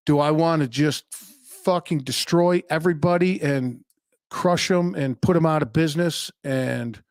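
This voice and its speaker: A man's voice: a little high, darkish tone, dry recording, clean studio sound. A man in his thirties hosting a solo podcast, telling stories in a blunt, profane, offhand way. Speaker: podcast host. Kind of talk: unscripted solo podcast monologue.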